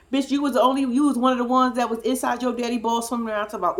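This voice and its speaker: A woman hosting a casual recap commentary, talking in an animated, profane way and laughing often. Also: fairly high pitch, a little fast, pauses often. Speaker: host.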